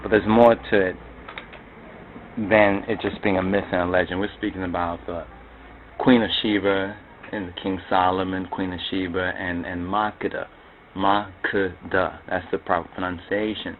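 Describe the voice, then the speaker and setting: A man's voice: sits low, flat delivery, moderate pace. A man giving a loose, spoken lecture on religious history, often repeating and restarting his phrases. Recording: tinny phone-like audio with faint noise.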